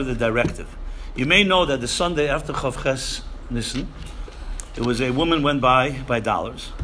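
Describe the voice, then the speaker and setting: Emphatic bright-voiced man lecturing. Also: mid-range voice, slight background noise. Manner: emphatic, repeats phrases, Yiddish and Hebrew terms. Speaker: rabbi lecturing seminary students. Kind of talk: sermon-style lecture.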